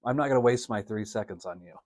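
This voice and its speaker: A man's voice: mid-range voice, breathy edge, no room sound, clean studio sound. A man hosting a live podcast, talking casually, laughing often and acting out mock announcements. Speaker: podcast host. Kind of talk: casual live-stream talk.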